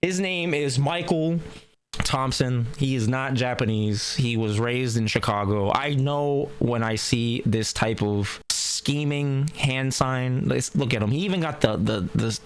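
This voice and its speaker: A man telling a wild story in casual chat, animated and profane, full of sound effects and swearing. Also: mid-range voice, unhurried, slight background noise. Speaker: storyteller on a gaming chat show.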